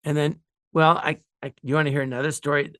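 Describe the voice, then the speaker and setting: A man's voice: a little high, little pitch movement, fast, a bit bright, clean tone, no room sound, clean studio sound. A man telling rambling, funny anecdotes as a guest, often laughing at his own stories. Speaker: guest storyteller.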